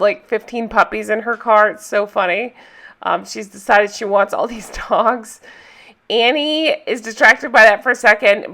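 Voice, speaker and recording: Bright, chatty woman recapping a movie. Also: mid-range voice. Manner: chatty, giggly, enthusiastic retelling.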